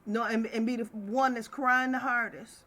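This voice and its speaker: A middle-aged woman hosts a casual live chat, pouring herself into every point with heated passion. Her voice sits high and rings bright and forceful. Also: steady tone, moderate pace. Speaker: livestream host.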